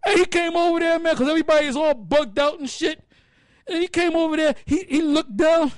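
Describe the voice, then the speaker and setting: A man's voice: extremely high pitch, brisk, no room sound, studio quality. A man leading an open forum, telling stories full of profanity and acting out other people's lines. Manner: profane, animated storyteller acting out quotes. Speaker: forum speaker. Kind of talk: casual open-forum talk.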